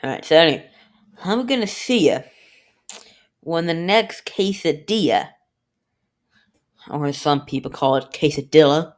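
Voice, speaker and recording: A woman's voice: low-pitched, lively intonation, a little slow, long pauses. A woman casually narrating a home cooking video, joking to herself and filling gaps with "anyway". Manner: rambling, jokey, keeps saying "anyway"; talks to self and the viewer.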